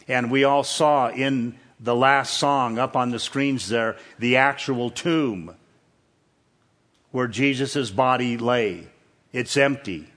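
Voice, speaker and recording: A man's voice: mid-range voice, takes it slowly, a bit bright. A man preaching a sermon in a church, earnest and repeating words for emphasis. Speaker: pastor. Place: church with screens.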